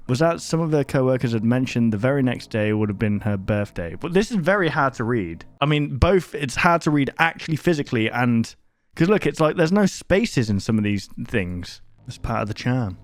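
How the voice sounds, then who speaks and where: A young man chats through a reaction video in a loose, rambling way, often laughing at his own slips. His pitch sits right in the middle for a man. Soft music plays faintly behind him. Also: sing-song, moderate pace. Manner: rambling and self-mocking, reads on-screen text aloud. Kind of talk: casual commentary reacting to videos.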